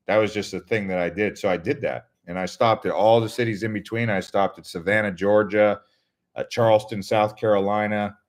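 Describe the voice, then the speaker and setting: A man from the United States hosting a casual live stream, answering viewer questions and telling rambling travel stories with frequent restarts. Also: on the low side. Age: adult, Navy veteran.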